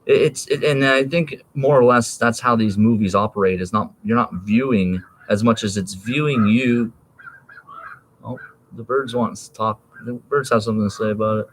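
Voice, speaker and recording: A man's voice: medium pitch, normal speed. A man in his thirties rambling in a casual, profane monologue, laughing and jumping between topics.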